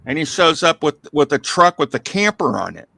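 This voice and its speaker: A middle-aged man in casual chat, telling animated stories and acting out the voices of people in them. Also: on the high side, brisk, creaky, dry recording. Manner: animated storyteller, acts out quoted voices. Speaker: live stream chat participant.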